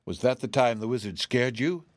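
A man's voice: medium pitch, animated, moderate pace, dry recording, lightly acted. A man voicing a middle-aged farm aunt in a storybook reading, asking questions in an uneasy, wondering way.

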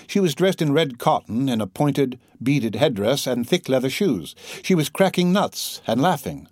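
Man reading a novel aloud, lively ups and downs, dry close sound. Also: mid-range voice, normal speed, no echo. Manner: expressive storytelling. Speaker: narrator. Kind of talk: audiobook narration.

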